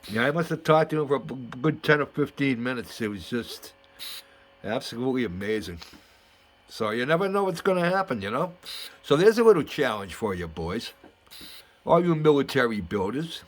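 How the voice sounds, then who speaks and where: A middle-aged man hosting a model building vlog, telling a story in a chatty, excitable way with lots of fillers and restarts. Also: mid-range voice, moderate pace. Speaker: model building channel host.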